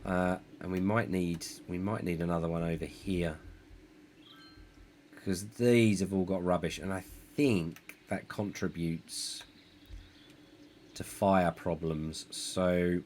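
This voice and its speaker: A man's voice: sits low, fairly even intonation, slow, long pauses, a little mellow, slight background noise. A man streaming a city-building game, thinking aloud in a rambling, self-deprecating way. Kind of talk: live gameplay commentary.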